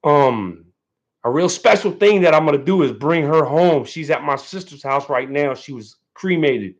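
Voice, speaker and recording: A man talks loosely to his livestream viewers, rambling and dropping fillers as he goes. He sounds a bit nervous but stays relaxed. The sound is dull and lo-fi. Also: on the high side, normal speed. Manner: laid-back, rambling, lots of fillers and "man"; a little nervous. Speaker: livestream host. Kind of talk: casual livestream chat.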